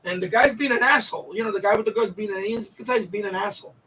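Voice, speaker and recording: A man's voice: high-pitched, quick pace, pushed and bright, recorded from a distance, a little hiss or hum, poor audio. A man hosting a casual livestream, telling a story in a rambling, profane way with many repeats and restarts. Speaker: livestream host.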